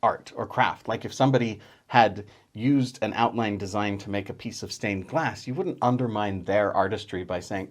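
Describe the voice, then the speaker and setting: Chatty low-voiced man host. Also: normal speed. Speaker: channel host. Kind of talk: casual explainer talk to camera.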